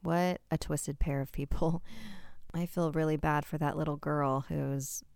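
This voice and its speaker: A woman hosting a horror podcast, narrating stories in a measured first-person style. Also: sits low, fairly even intonation, vocal fry, a little mellow, no room sound, clean studio sound. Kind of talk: scripted story narration.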